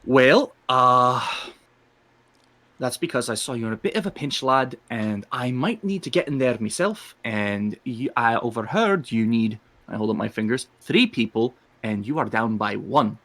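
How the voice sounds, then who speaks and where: A man's voice: medium pitch, animated, measured pace, pushed and bright. A man playing a tall, lanky male cat-person who speaks in an affable, hesitant way and calls others "lad".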